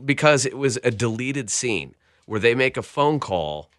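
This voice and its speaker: A man hosting a casual podcast chat about a film, jokey and animated, often restarting his sentences. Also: medium pitch, a little slow, no echo, clean studio sound. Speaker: podcast host.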